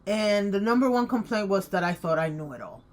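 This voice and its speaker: A woman's voice: medium pitch, lively intonation, a little fast. A woman in her late fifties hosting her own channel, talking to camera in an emphatic, outspoken way. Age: 50s. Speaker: vlogger. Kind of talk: casual opinion talk to camera.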